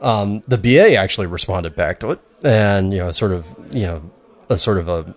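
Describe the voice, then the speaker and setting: A man's voice: sits low, normal speed. A man co-hosting a beer podcast in casual, rambling chat with many fillers. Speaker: podcast co-host.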